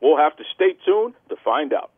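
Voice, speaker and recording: A man's voice: on the high side, animated, normal speed, narrow, tinny audio, over music. A man hosting a wrestling podcast with a boastful, theatrical heel persona. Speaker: podcast host. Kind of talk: brash wrestling podcast talk.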